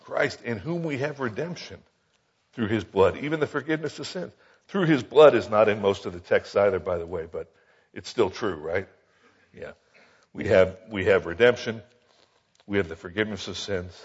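A man with a husky, slightly breathy voice delivers a conversational Bible teaching, full of asides and quick checks with his listeners. The recording is dull and lo-fi. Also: lowish voice, lively intonation. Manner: conversational, folksy, frequent rhetorical asides. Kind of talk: sermon.

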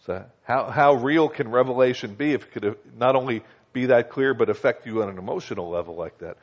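A man preaching a conversational Bible teaching, often checking in with his listeners and slowing down to read scripture. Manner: conversational, asks listeners "Okay?" and "do you understand?"; reads scripture slowly and acts out quoted voices higher. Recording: dull lo-fi recording.

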